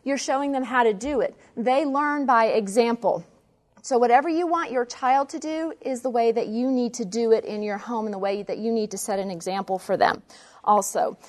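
A woman instructor explaining parenting ideas to a class, steady and explanatory, with frequent ums. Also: a little high, moderate pace.

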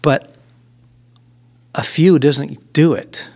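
A man hosting a faith-based conversation, speaking in reflective, deliberate phrases. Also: fairly high pitch, steady tone, creaky, darkish tone.

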